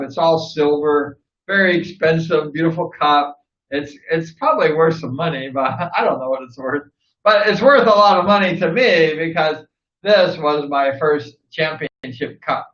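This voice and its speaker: Male host from Southern California, lively storyteller who laughs a lot; bright, forward tone in a roomy, muffled room. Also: fairly high pitch. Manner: animated, laughs often, acts out past dialogue. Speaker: host, former motorcycle racer. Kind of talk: casual storytelling to camera.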